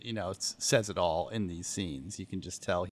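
A man's voice: sits low, moderate pace, no echo. A man co-hosting a podcast, talking thoughtfully about a TV episode in a casual way. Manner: thoughtful, agreeable, laughs. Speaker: podcast co-host. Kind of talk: casual TV recap chat.

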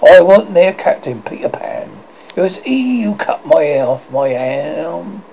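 A man's voice: a little high, very animated, takes it slowly, vocal fry, breathy edge, full character voice. A man voicing a menacing, brooding pirate captain who speaks darkly and passionately, on a dull lo-fi recording. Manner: passionate, dark, threatening.

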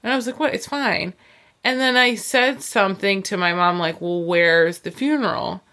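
A woman's voice: medium pitch, normal speed. A young woman telling a personal story in casual chat, acting out the voices of her family and filling her speech with "like". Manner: animated, acts out quoted voices, lots of "like".

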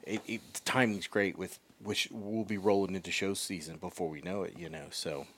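A man from the American South, a guest in a casual interview, talking haltingly with many pauses. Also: sits low, fairly even intonation, fairly bright tone, slight background noise. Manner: hesitant, many fillers and restarts. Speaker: guest, company representative.

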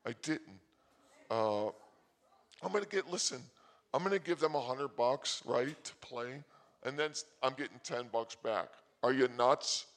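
Excitable rambling male comic. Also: medium pitch. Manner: excitable, loud bursts, quick asides. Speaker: comedy host.

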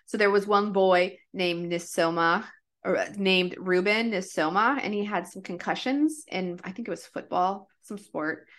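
A woman's voice: mid-range voice, a bit bright. A woman hosting a podcast, chatting casually and telling cases in a loose, rambling way. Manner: chatty, lots of "like" and restarts. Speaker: podcast host. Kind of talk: casual chat.

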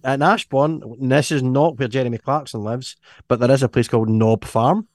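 A Scottish man chats as a podcast host, rambling, chuckling and breaking off his own sentences. His voice sits at an everyday pitch and sounds close and dry, with no room around it. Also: normal speed, no room sound. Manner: rambling, chuckling, self-interrupting. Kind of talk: casual chat.

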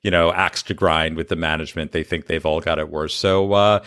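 A man's voice: sits low, fairly even intonation, fairly quick, a bit bright, clean tone. A man co-hosting a casual chat show, telling a news story with sarcastic asides. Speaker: podcast co-host.

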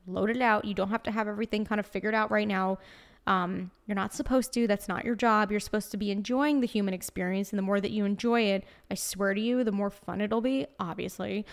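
A young woman hosting a solo podcast in a put-on Brooklyn accent, brash, chatty and swearing constantly. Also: medium pitch. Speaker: podcast host. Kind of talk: casual solo podcast monologue.

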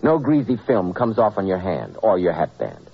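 Man announcing, lively pitch, husky, muffled old broadcast. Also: moderate pace. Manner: smooth, lively, salesman-like. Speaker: radio announcer. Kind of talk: scripted radio announcing. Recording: dull old radio broadcast.

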